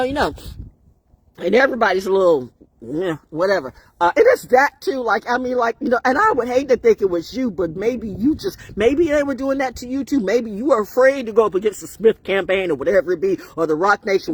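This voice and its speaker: A woman's voice: medium pitch, breathy edge. A woman talking on a live stream in a rambling, preachy monologue, riffing with laughs and bursts of song.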